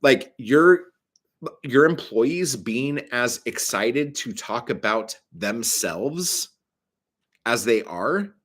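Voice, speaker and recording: A man's voice: mid-range voice, fairly bright tone. A man vlogging a casual ranting monologue, profane and exasperated, telling his story with animation.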